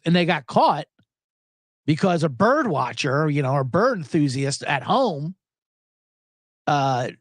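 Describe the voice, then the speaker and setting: A male sports betting host talks in a loose, rambling, profane way, often restarting his sentences. His pitch swings widely as he jumps from idea to idea. The sound is dry and close, with no room echo. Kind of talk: casual chat.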